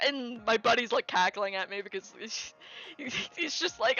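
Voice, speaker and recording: Bright-voiced woman telling a rambling story. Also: on the high side, unhurried, long pauses, lo-fi sound, faint music behind. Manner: animated, rambling with many fillers and restarts, quoting people in raised voice. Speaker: streamer. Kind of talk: casual chat, storytelling.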